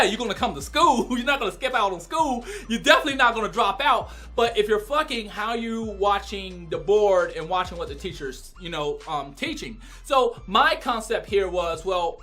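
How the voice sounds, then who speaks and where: A man giving a casual, crude and animated spoken review, often breaking into loud exclamations. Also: high voice. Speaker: anime reviewer.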